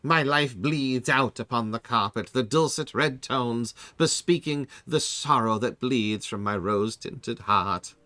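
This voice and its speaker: A man's voice: medium pitch, measured pace, few pauses, bright, forceful tone, no echo, pitched above the performer's own voice. A man voicing a small male gnome dying in theatrical, flowery despair. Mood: mock-tragic.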